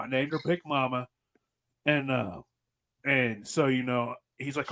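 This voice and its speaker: A man's voice: on the high side, unhurried, sharp tone. A man, hosting a podcast and telling rambling, profane stories in casual chat. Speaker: podcast host.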